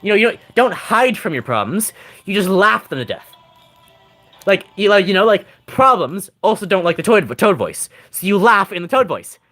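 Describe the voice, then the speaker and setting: A man rambles through casual game commentary, answering his chat with jokes and frequent laughter. His voice sits high for a man and swings lively up and down, and faint music plays behind him. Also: normal speed. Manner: rambling, jokey, laughs often. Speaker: gaming streamer.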